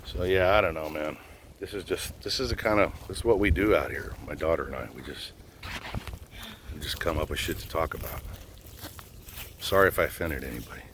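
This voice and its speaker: A man's voice: a bass voice, a little fast, long pauses, noisy background. An older man, a retired police officer, ranting bluntly and profanely to the camera while out on a boat in a swamp. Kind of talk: outdoor rant.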